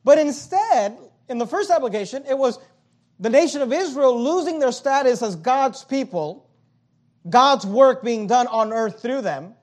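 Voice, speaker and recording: A man with a very high voice delivers a sermon from the pulpit of a church auditorium. He preaches emphatically, repeats his phrases in runs, and swings between loud, pressing lines and quiet ones. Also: expressive, a little slow. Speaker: pastor.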